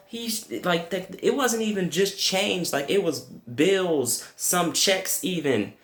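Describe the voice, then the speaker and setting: A young man telling a comic story with crude language, jumping to high yelps when quoting himself. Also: slow, reverberant. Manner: animated, profane, jumps to high yelps for quoted reactions. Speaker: comedic storyteller.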